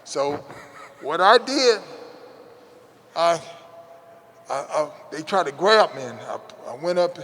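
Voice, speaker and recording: A man's voice: fairly high pitch, very animated, takes it slowly, long pauses, fairly bright tone, in a large hall, a little hiss or hum. A man, an interview guest, telling a childhood story in a folksy, repetitive way with many restarts. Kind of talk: casual storytelling.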